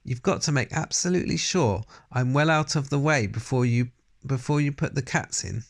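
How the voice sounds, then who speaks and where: A man's voice: medium pitch, moderate pace, voice pushed up, close to an everyday voice. A man voicing a clever young boy turned into a talking mouse in a storybook read-aloud, speaking eagerly and earnestly.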